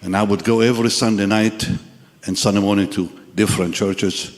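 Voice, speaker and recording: Dramatic older preacher in an echoey hall. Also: male voice, on the low side, steady tone, brisk. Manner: dramatic, swings from hushed to shouting. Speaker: pastor. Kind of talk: dramatic sermon testimony. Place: large church or crusade hall with congregation.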